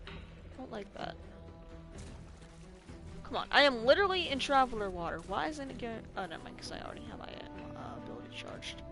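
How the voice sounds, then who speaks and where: A woman's voice: a little high, big pitch swings, fast, few pauses. A young woman with a slight lisp from braces, chatting casually and swearing now and then while playing a video game. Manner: chatty, swears when frustrated. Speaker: gaming streamer. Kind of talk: casual gameplay commentary. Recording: music playing behind.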